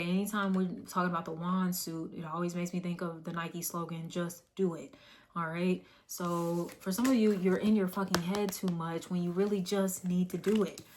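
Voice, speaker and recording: A hoarse woman doing a casual tarot reading, blunt and profane with a teasing tough-love manner. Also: on the low side. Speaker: tarot reader.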